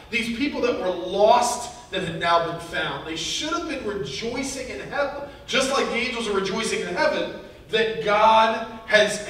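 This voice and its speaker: A man's voice: high voice, a bit bright. A man preaching a casual sermon, talking conversationally with fillers and restarts and chuckling as he tells a joke. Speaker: pastor. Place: church hall. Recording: echoey hall from far off, faint noise.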